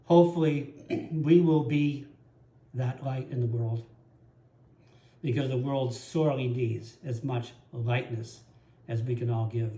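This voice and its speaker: Earnest pastor in an echoey room. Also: male voice, medium pitch, steady tone, unhurried, dark tone. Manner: earnest, personal storytelling. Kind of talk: sermon. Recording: roomy echo.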